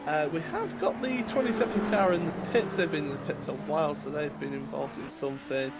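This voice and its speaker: A man's voice: fairly high pitch, fairly quick. A man commenting a sim racing stream live, chatty and full of fillers, laughing easily. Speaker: race commentator. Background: race car engine noise.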